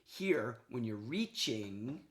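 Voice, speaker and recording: Narrating game film for a player, a male hockey coach sounds relaxed and excited, often checking in with "okay" and "right." He speaks slowly, his pitch in an ordinary middle range.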